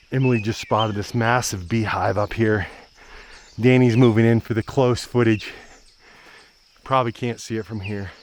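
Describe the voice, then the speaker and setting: A man's voice: on the low side, slight background noise. A man hosting a travel vlog, chatting casually and with enthusiasm to the camera as he walks a mountain trail. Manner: easygoing, chatty, enthusiastic about the sights. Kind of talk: casual walking narration to camera.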